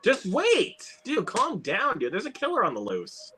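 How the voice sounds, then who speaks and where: An excitable man hosts a casual movie watch-along, cursing lightly as he reacts. His voice is bright and forward, and his pitch swings widely. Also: a little hiss or hum. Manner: excitable, swears, quick reactions. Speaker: host.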